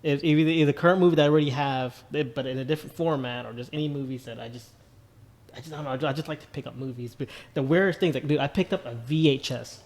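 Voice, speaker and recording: A man's voice: fairly high pitch, quick pace, a little mellow. A man co-hosting a podcast, telling a story in rambling casual chat with lots of "like" and "dude". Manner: rambling, many restarts and "like", "dude". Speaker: podcast co-host.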